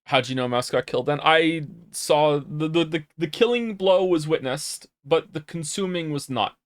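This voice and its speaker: A man's voice: on the high side, normal speed, no room sound, studio quality. Casual male streamer reading chat. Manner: rambling, reads chat aloud, gets flustered.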